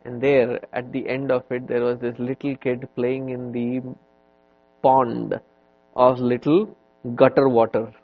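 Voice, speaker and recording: A man giving a spiritual lecture on scripture, telling stories in an unhurried, conversational way with many "you know" fillers. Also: mid-range voice, little pitch movement. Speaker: swami teaching scripture. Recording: dull lo-fi recording.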